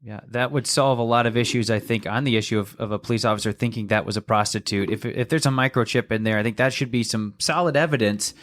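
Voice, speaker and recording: A man hosting a podcast interview, mostly giving quiet listening responses. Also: mid-range voice, fast talker, few pauses. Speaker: podcast host.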